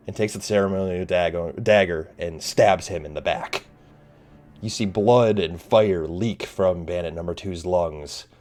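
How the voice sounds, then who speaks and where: Low-voiced, slow game master. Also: male voice, darkish tone. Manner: hesitant, many fillers. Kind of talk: narrating a tabletop game.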